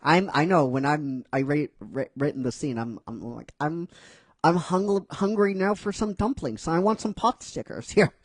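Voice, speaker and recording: A man's voice: fairly high pitch, moderate pace, no room sound. A man casually narrating his own script, rambling and hesitant, with fillers and self-corrections. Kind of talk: casual storytelling.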